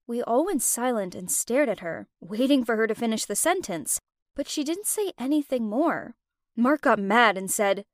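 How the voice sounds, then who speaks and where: A woman's voice: a little high, expressive, normal speed, dry recording, clean studio sound. A young woman narrating a dramatic first-person story in a confiding way.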